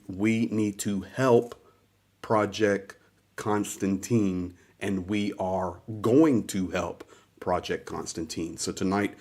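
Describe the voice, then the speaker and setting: A man's voice: low voice, a little mellow. A man hosting a live stream, giving an earnest, heartfelt introduction and repeating himself for emphasis.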